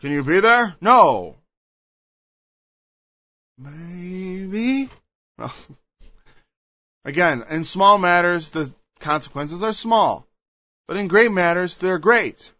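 A man preaches a sermon in a high voice with lively intonation, going slowly and sounding pushed and bright. He reads scripture and explains it emphatically, digressing and acting out quoted voices, captured in a dull, lo-fi, dry recording with no room sound.

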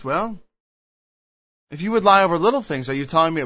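A preacher with a fairly high, bright and forceful voice speaks expressively and briskly, leaving long pauses. He reads scripture and unpacks it with emphasis and digressions, acting out quoted voices; the recording is dull, lo-fi and dry with no echo.

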